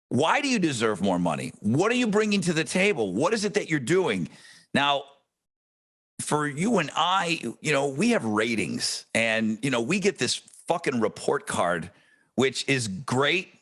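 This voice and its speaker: A man co-hosting a podcast in casual chat, telling stories with plenty of swearing. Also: fairly high pitch. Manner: animated storyteller, swears freely. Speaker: podcast co-host; radio host.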